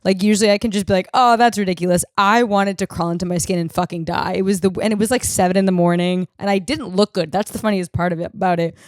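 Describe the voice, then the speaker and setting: A young woman hosting a podcast from a room in her home, telling stories in an animated, profane, self-deprecating way. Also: mid-range voice, fast talker, hardly any pauses, no room sound, clean studio sound. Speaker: podcast host. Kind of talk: casual storytelling chat.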